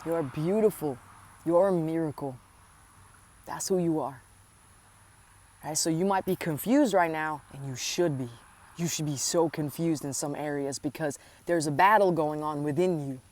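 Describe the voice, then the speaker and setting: A woman's voice: low voice, moderate pace, darkish tone. Earnest woman giving a spiritual pep talk. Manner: earnest, affectionate, addresses listener directly; repeats phrases for emphasis. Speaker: spiritual coach.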